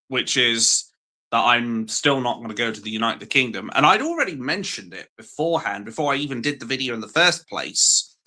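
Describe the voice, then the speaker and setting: A man's voice: medium pitch, sharp tone. A man talking casually on a live stream in a rambling, self-deprecating, wry way.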